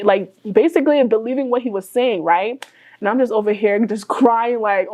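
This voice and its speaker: A woman's voice: medium pitch, a little fast, darkish tone, rough recording. Woman guest telling her story, emotional, lots of "like". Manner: emotional, many "like" fillers. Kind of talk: casual interview storytelling.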